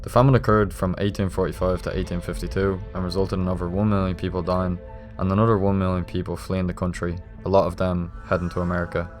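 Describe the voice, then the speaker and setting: A man with an Irish accent reading a scripted voice-over for his travel video in an even, informative way. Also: sits low, quick pace, few pauses, faint music behind. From Ireland.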